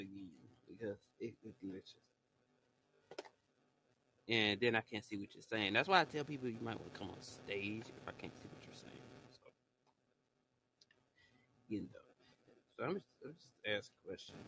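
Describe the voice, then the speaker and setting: A young man hosts a casual live chat, rambling and slangy, circling back over his own words. His pitch swings widely as he talks. His tone is bright and forward. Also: expressive, normal speed, gravelly, pauses often, rough recording. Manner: rambling, slangy, repeats himself. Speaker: podcast host on live audio stage.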